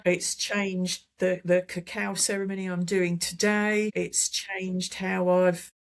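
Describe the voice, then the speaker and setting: Enthusiastic woman sharing a testimonial. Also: mid-range voice. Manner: enthusiastic, repeats words as she thinks. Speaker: interview guest, holistic therapist. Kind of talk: casual testimonial chat.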